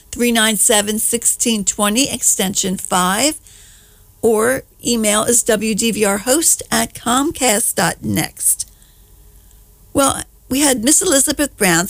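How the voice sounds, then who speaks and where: Female radio host, slightly high voice, casual and chatty, dry booth sound. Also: gravelly, dry recording. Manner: chatty, reads the weather and phone details in a friendly, loose way.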